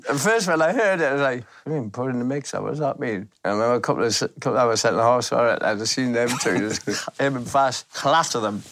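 Man, former footballer, chatty, halting, dry close recording. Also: mid-range voice, a bit bright, no room sound. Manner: chatty, halting, many restarts. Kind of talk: anecdotal storytelling in a documentary interview.

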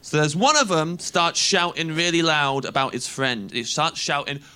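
A man in his thirties telling an animated stand-up story, acting out voices as he goes. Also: fairly high pitch, normal speed, noisy background. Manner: animated, acts out voices, laughs through lines. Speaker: stand-up comedian.

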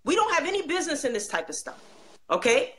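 A woman's voice: sits high, sing-song, fast talker, a bit bright, slight background noise. A woman speaking passionately and emphatically in a religious discussion, with pointed rhetorical questions.

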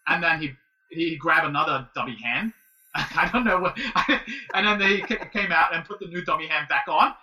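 A man in his late thirties telling a casual story as a guest, animated and halting, with many restarts. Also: a little high, distant mic, rough recording. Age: 30s. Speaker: guest, martial arts student.

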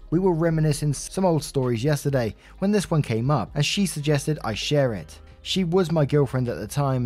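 A man's voice: mid-range voice, a little mellow. A man reading online posts aloud as a story narrator, adding wry casual asides between them.

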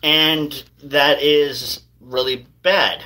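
A man's voice: a little high, fairly even intonation, extremely slow, sharp tone, low-quality recording. A man hosting a podcast in casual news commentary, rambling and hedging every claim with "allegedly". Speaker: podcast host.

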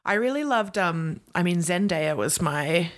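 A woman's voice: lowish voice, expressive, measured pace. A woman co-hosting a podcast, talking casually and enthusiastically about pop culture with lots of likes and ums. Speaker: podcast co-host. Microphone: remote call-in mic.

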